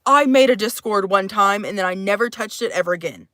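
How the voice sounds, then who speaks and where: A woman's voice: mid-range voice, a little fast, fairly bright tone, no room sound, clean studio sound. A woman in her thirties from Texas, with mixed, shifting accents, chatting casually and profanely on a livestream, rambling and sighing often. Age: 30s.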